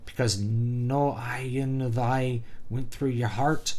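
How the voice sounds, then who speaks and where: A brash Irish-accented comic character, as a man puts him on, slow and drawn out. The put-on Irish accent stretches every word. He sounds like he is reading from a comic page. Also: mid-range voice, steady tone, a little mellow, lightly acted. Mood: mock-brash.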